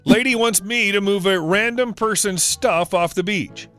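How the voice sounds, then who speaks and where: High-voiced man narrating reddit stories. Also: normal speed, fairly bright tone, soft background music. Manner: reads every character's dialogue in the same voice. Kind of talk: scripted story narration.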